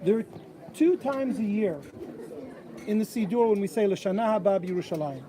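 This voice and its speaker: A man with a high voice gives a sermon at a bat mitzvah at a moderate pace, an animated storyteller who acts out the voices of the people he quotes. He stands outdoors by an old stone wall, and crowd noise can be heard in the recording.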